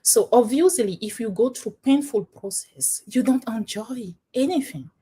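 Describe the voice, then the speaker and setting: A woman from Benin, a panel guest sharing her own story in a discussion, talking in an animated way with frequent laughs and restarts. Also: a little high, measured pace, slightly rough.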